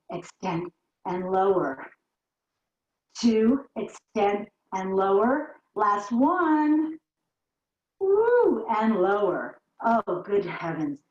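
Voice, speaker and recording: Woman, barre instructor, demonstrating while cueing, slightly out of breath, roomy echo, dull lo-fi sound. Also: mid-range voice. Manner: encouraging, counts reps while demonstrating. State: a little out of breath. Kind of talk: guided workout instruction.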